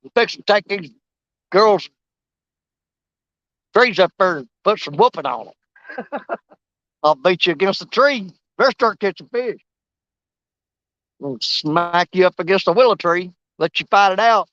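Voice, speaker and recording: Fishing vlogger, high bright voice, loose folksy rambling, dull lo-fi outdoor sound. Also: male voice, animated, unhurried, long pauses, dry recording. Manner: joking, rambling, laughs often, folksy. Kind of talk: casual fishing vlog monologue. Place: outdoors on a riverbank.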